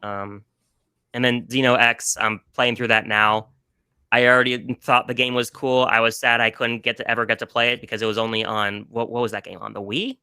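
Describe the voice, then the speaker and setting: A man with a bright, clear voice chatting on a podcast, gushing and emotional, often stumbling and restarting. The sound is dry and close, with no room in it. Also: medium pitch, little pitch movement, brisk, no echo. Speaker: podcast guest. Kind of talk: casual podcast chat about video games.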